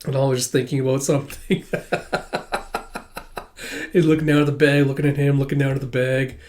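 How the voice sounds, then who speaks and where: A man's voice: medium pitch, level tone, a little fast, darkish tone. A young man casually reading through a manga chapter and commenting on it, chatty and swearing freely.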